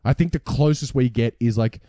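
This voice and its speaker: An Australian man in his early thirties, co-hosting a radio show in playful, animated banter and laughing often. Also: mid-range voice, brisk, no room sound. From Tasmania, Australia. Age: early 30s. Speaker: radio co-host. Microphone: studio mic.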